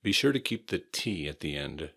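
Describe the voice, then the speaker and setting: With a very deep, creaky, slightly bright voice and big swings in pitch, a man with an American accent leads slow, careful English pronunciation practice. He moves at a normal speed, repeating words carefully and spelling them out one letter at a time.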